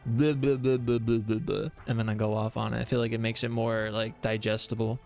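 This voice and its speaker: A man's voice: mid-range voice, little pitch movement, a little fast, darkish tone, faint music behind. Rambling male streamer explaining game lore. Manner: reads chat aloud and greets viewers. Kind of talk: casual live-stream chat.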